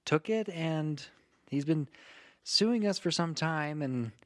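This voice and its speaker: A man acting as dungeon master, explaining the story in a calm, measured way. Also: on the high side. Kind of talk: tabletop game narration.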